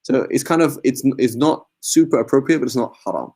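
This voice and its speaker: A man's voice: medium pitch, a little fast, mellow, husky. A man giving an informal religious class in a mosque, talking conversationally, often checking in with "right?" and mixing in Arabic religious terms. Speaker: religious teacher.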